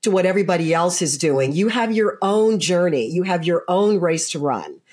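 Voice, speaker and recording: Woman host in her sixties, thoughtful and halting, lowish voice. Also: animated, darkish tone. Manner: thoughtful, hesitant with many fillers. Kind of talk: conversational interview.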